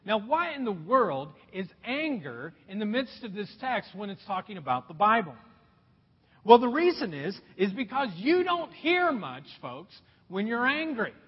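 A man preaching a sermon at a church service, animated, calling his listeners folks and asking them questions. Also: very high-pitched, slightly rough. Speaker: pastor. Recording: echoey hall, dull lo-fi sound.

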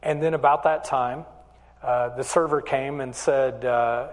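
A man's voice: medium pitch, fairly even intonation, measured pace, slight background noise. A man preaching a sermon, telling a personal story and then urging his listeners earnestly. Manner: storytelling, earnest, rising to urgent appeals. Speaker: pastor. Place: church hall. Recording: long hall reverb.

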